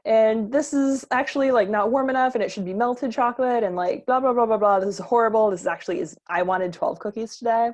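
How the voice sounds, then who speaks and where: A woman voicing a rude, demanding child who shouts and swears with complaints. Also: fairly low pitch, quick pace, few pauses. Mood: bratty, furious.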